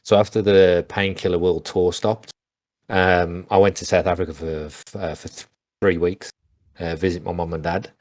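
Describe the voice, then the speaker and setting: Guest: man, very low voice, dry close sound, rambling casual anecdotes. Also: flat delivery, normal speed, darkish tone, no room sound. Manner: rambling, many restarts and fillers. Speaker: interview guest, former pro gamer. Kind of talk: casual storytelling on a call.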